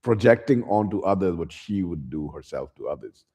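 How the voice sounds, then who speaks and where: A man's voice: deep voice, expressive, moderate pace, dark tone, husky. A man retelling a book in a casual recap, loose and slangy, with chuckling asides. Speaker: YouTube host retelling a book.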